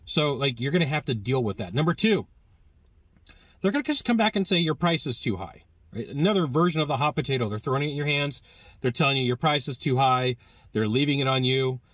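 A man teaching sales negotiation in a lively, conversational way, acting out bits of dialogue with customers. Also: medium pitch, brisk, dry recording. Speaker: sales trainer. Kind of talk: direct-to-camera sales coaching.

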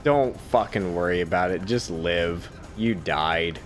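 A man's voice: deep voice, a little slow, faint music behind. A man commentating a video game playthrough in casual banter, swearing freely, giving orders and laughing a lot. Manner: profane, bossy, laughs a lot. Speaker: gameplay commentator. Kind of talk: casual let's-play banter.

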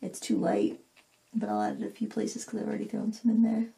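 Gravelly-voiced woman painting and thinking aloud. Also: medium pitch, completely flat delivery, a little fast, mellow. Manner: thinking aloud while painting, self-critical and candid. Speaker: craft video host. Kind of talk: casual painting tutorial talk.

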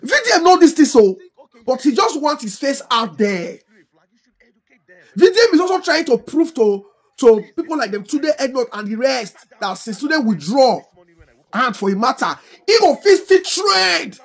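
A middle-aged Nigerian woman speaks in a thick Pidgin English accent, her voice pitched high and husky. She lectures and scolds with fervour, firing off one rhetorical question after another as she comments on current affairs. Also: lively intonation, normal speed. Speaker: social media commentator. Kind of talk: impassioned political commentary.

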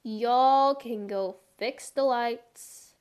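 A young woman streamer chatting over a game at an unhurried pace, in a slightly high voice. Her talk rambles, packed with filler words, and turns playful and mock-dramatic. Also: a little mellow. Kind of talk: casual gameplay chat.

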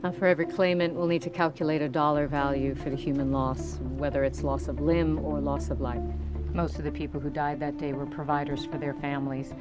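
An actress playing a lawyer in a film, explaining a plan in a businesslike way. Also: female voice, low voice, little pitch movement, fairly quick, close to an everyday voice. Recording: movie clip with music behind.

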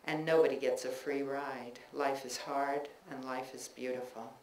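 A woman reads her own personal essays to a live audience in a bookstore, in a measured, reflective way, with loose chatty asides between the pieces. Her voice carries an echo from the room, and a faint ambient hum sits behind it. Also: extremely low pitch, steady tone. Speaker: author reading her own work. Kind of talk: public reading of personal essays.

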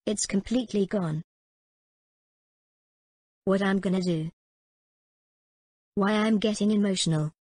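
A woman's voice: medium pitch, darkish tone, dry recording, natural voice. A woman playing an earnest young waitress.

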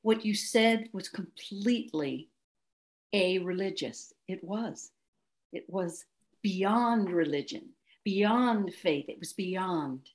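A woman hosting an interview, gushing with praise and telling animated personal stories in a casual chat. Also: medium pitch, slow. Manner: effusive, storytelling, gushing praise. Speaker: host.

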